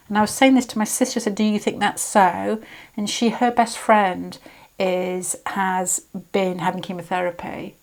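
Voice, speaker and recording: Woman, British accent, mid-range voice, tarot reader, chatty and digressive, self-correcting. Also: mid-range voice. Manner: rambling and digressive, often restarting mid-sentence. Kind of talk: casual tarot reading to camera.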